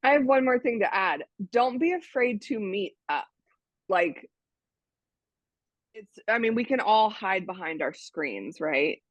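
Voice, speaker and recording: A woman's voice: mid-range voice, animated, unhurried, no room sound. Chatty American woman on a dull line. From United States. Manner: chatty, storytelling, many restarts. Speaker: guest, dating site member. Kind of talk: casual interview chat. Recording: dull, dry lo-fi sound.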